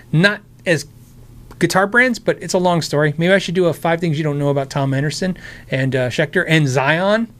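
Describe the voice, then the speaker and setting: An American man hosting a casual live stream, answering chat questions about guitars in a rambling, friendly way, his voice tired and worn. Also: a little high. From United States. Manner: rambling, friendly, with many restarts and asides.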